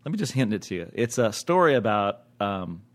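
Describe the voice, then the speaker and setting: A man's voice: on the low side, brisk. A man co-hosting a podcast as a TV critic, chatting casually and jokily, often breaking into mock outbursts. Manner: animated, jokey, swings into mock outbursts. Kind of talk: casual chat.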